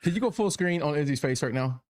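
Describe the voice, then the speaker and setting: A man's voice: on the high side, expressive, fast. A man co-hosting a sports podcast, cracking jokes and cutting in with banter. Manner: joking, interjecting banter. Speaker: podcast co-host. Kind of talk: casual sports chat.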